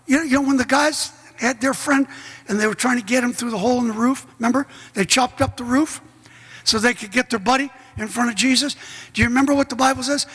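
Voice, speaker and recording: High-pitched folksy pastor preaching. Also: male voice, slightly rough. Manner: folksy, joking, bursts into shouts. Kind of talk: sermon. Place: large church hall. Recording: echoey church hall.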